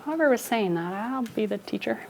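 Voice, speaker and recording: A woman's voice: a little high, lively intonation, brisk, vocal fry, darkish tone, a little hiss or hum. A young woman teacher giving a playful, story-style phonics lesson to children in a classroom. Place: classroom with kids.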